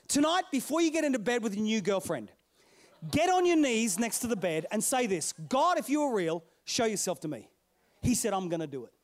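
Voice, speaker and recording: A middle-aged pastor with a very high-pitched voice tells a story during his sermon, playful and animated, calling out to his congregation.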